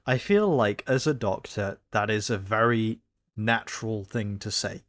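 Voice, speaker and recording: A man giving casual reaction commentary, rambling and often correcting himself. His voice sits at an average pitch and is recorded close and dry, with no room sound. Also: takes it slowly, no room sound. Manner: rambling, self-correcting, candid. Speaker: reaction video host.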